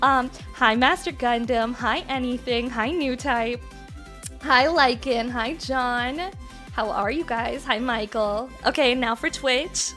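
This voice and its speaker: A young woman from Canada hosts a relaxed livestream, chatty and quick to giggle as she reads out names from chat. Her voice sits high and sounds bright and sharp. Soft music plays quietly underneath.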